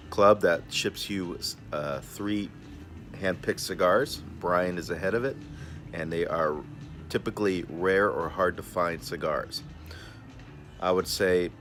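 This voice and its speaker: In a casual vlog, a laid-back man with a very deep, fairly bright voice chats his way through a cigar review. Friendly and easygoing, he keeps referring to himself in the third person. He's outdoors in a backyard, and faint music plays in the background.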